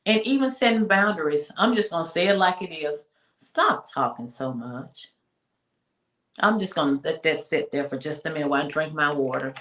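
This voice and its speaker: A woman with a low voice gives a casual, faith-based talk in a roomy, echoing space. She preaches her points with emphasis, circles back to repeat them, and slows right down to drive them home. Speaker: speaker and women's mentor on a talk show. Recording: roomy echo.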